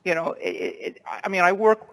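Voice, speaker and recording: A man calling in to a radio show, chatting in a halting, repetitive way. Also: high-pitched, fairly even intonation, fairly bright tone, rough recording. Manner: halting, repeats words, chatty. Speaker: caller. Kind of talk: casual call-in chat.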